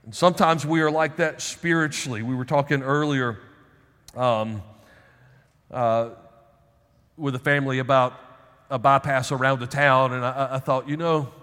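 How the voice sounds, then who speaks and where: A man preaching a sermon as pastor, emphatic, slowing down to stress key phrases. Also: mid-range voice, steady tone, fairly bright tone, clear, resonant tone, big-room sound.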